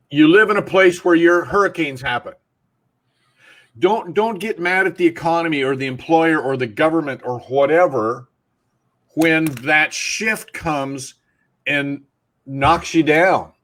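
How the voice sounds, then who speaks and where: A man's voice: fairly high pitch, a bit bright. A man co-hosting a talk show, making blunt points with everyday analogies. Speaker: co-host. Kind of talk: casual talk show discussion.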